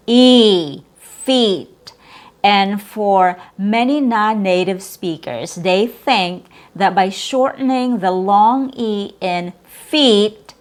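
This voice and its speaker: A woman teaching English pronunciation, repeating each word and contrasting correct and wrong sounds. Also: mid-range voice. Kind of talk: slow, deliberate pronunciation lesson.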